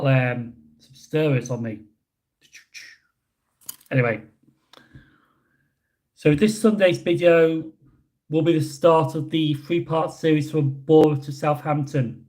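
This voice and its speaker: A British man casually chatting with his livestream audience and answering chat questions, rambling with many pauses. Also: a little high, darkish tone. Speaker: livestream host reading chat. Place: indoors, hotel room.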